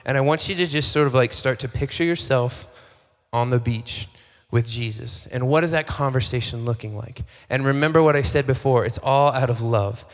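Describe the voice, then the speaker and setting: A male pastor gives a casual, talky sermon to his congregation. His voice sits at an ordinary middle pitch. He slips into short acted-out exchanges and doubles back on his words. The sound carries a long hall reverb. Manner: conversational, acts out dialogue, repeats phrases. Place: church hall.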